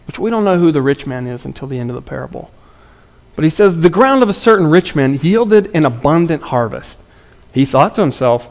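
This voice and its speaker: A man preaching a sermon as pastor, talking in a relaxed conversational way and acting out the voices of people in the story. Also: fairly high pitch, long reverb tail.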